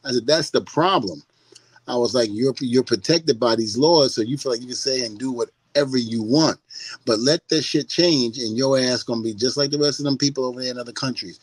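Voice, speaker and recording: An older man from the United States, a podcast guest telling stories in a loose, animated way, laughing often and swearing freely. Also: mid-range voice, brisk, no room sound. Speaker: guest, former wrestler. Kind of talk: casual podcast chat.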